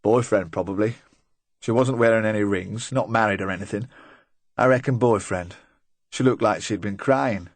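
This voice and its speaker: Here a man reading audiobook-style voices a middle-aged delivery van driver, anxious and talkative, always eager to please and tossing off lame jokes. The low voice is right up close, recorded completely dry without echo. The mood is chatty but uneasy.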